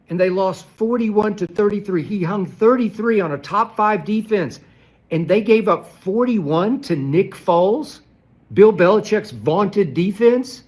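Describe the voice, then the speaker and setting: A man in heated sports debate with a slightly high voice. He hammers rhetorical questions and drives his points home by repeating them. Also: lively intonation, moderate pace, darkish tone. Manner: repeats key phrases for emphasis. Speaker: sports commentator.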